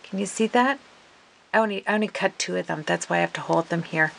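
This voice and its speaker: A woman hosting a casual craft video, gushing and excitable as she talks viewers through her work. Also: lowish voice, fast talker, creaky, low-quality recording. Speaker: craft vlogger.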